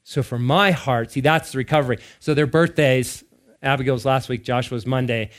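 A man in his thirties or forties preaching, telling family stories with laughter and animated bursts. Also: medium pitch, moderate pace. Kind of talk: sermon-style storytelling.

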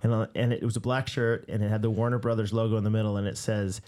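A man's voice: lowish voice, flat delivery, fast, a little mellow. A man and ministry leader chatting casually with friends, rambling with many restarts and telling stories with laughs. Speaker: ministry leader and podcast co-host. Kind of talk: casual chat.

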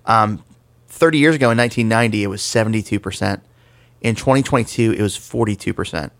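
A man's voice: fairly low pitch, quick pace, gravelly, no echo. A man co-hosting a casual podcast discussion about faith, explaining things conversationally with the odd self-deprecating joke. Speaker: podcast co-host.

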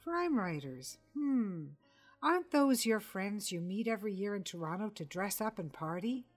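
A woman's voice: medium pitch, animated, moderate pace, soft background music, lightly acted. A woman voicing a distracted wife who speaks in an offhand, dismissive, teasing way.

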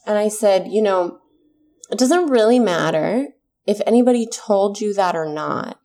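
Slow, mellow-voiced mother telling a story. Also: medium pitch, lively intonation. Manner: earnest, candid, swears when heated. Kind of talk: casual storytelling.

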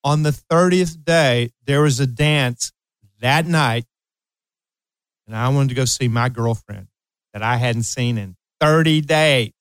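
A man's voice: mid-range voice, takes it slowly, smooth, dry recording, poor audio. A man in his late sixties hosting an advice show, talking emphatically to parents and repeating key phrases. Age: 60s. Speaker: radio show host and coach. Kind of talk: advice talk with personal anecdote.

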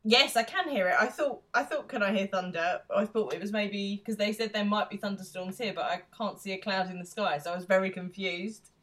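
A woman's voice: medium pitch, a little fast, hardly any pauses, fairly bright tone. A woman co-hosting a podcast in casual chat, laughing often as she recaps an episode. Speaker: podcast co-host.

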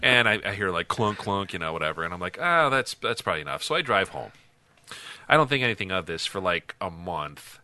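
Deep bright-voiced man telling stories. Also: brisk, slight background noise. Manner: animated storyteller, laughs a lot. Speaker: podcast co-host. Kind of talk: casual storytelling chat.

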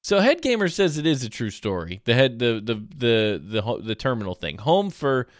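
A man's voice: mid-range voice, normal speed, no echo, clean studio sound. A man from South Alabama, chatting casually as a streamer and rambling through stories. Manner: rambling, animated storyteller. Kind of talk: casual chat.

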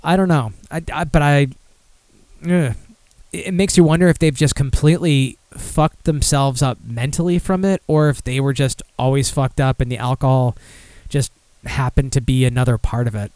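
A man's voice: mid-range voice, moderate pace, a little mellow, no room sound. A man hosting a podcast alone, rambling sardonically through listener comments with many fillers and restarts. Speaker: podcast host. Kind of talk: casual solo podcast commentary.

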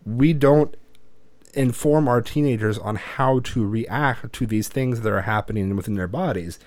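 A man's voice: medium pitch, measured pace, darkish tone, no echo. A man in his thirties hosting a podcast, talking bluntly and profanely in casual chat, rambling with restarts. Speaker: podcast host.

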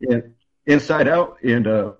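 A man telling his personal testimony as a radio guest, in an earnest, halting way with many restarts. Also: mid-range voice, muffled recording.

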